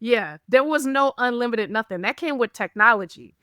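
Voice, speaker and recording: A woman co-hosting a podcast in casual, animated chat, laughing often and acting out the texts she quotes. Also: on the high side, moderate pace, smooth, no echo, clean studio sound. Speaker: podcast co-host.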